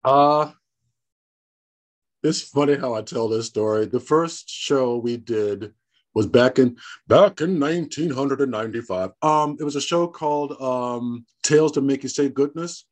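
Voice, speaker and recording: Casting: man, Southern roots, animated storyteller with bursts of laughter, middle-pitched voice. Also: unhurried. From American South. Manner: animated storyteller, laughs often, acts out quoted dialogue. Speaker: guest, horror host. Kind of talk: casual interview storytelling.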